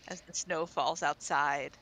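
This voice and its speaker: A woman's voice: low-pitched, a bit bright, slight background noise, poor audio. A woman facilitating a tabletop role-playing game, chatty and encouraging. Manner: chatty, encouraging, laughs easily. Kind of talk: casual tabletop game chat.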